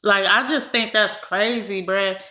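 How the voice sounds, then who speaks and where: A woman's voice: mid-range voice, steady tone, measured pace, pushed and bright. A woman from California giving blunt, exasperated commentary straight to her viewers. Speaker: vlogger commenting on a clip. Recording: roomy echo.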